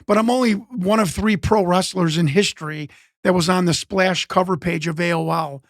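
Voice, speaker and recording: A man's voice: high voice, moderate pace, dry recording, studio quality. A middle-aged man from the United States, an interview guest telling rambling anecdotes full of acted-out quotes and restarts. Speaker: interview guest, former pro wrestler. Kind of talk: casual storytelling.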